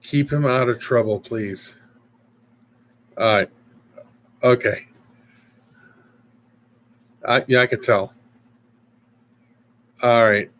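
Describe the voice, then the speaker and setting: A man's voice: medium pitch, extremely slow, pauses often, a bit bright, a little hiss or hum. A middle-aged man hosting a casual live stream, rambling and chatting with viewers as he reads their comments.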